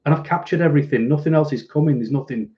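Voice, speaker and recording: A man's voice: fairly high pitch, fast, dull audio. A man with a Mancunian accent, hosting a casual livestream and answering viewer comments in a dry, self-deprecating way. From Manchester, England. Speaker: livestream host.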